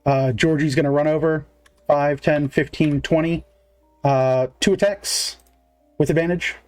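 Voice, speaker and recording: A man's voice: a little high, fairly even intonation, a little slow, darkish tone. A man narrating as game master in a casual, filler-heavy way, counting moves aloud.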